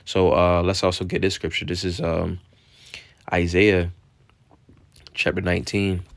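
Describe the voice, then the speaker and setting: Male Bible teacher, deep and gravelly, halting and informal, dry close recording. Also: little pitch movement, dry recording. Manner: halting, restarts often, says "all right" after nearly every point; reads scripture aloud in plain measured tone.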